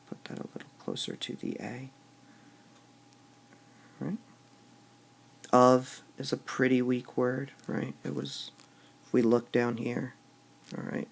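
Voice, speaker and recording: Slow, gravelly man teaching. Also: mid-range voice. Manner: slow, deliberate, stressing syllables aloud. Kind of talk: classroom lecture on poetic meter.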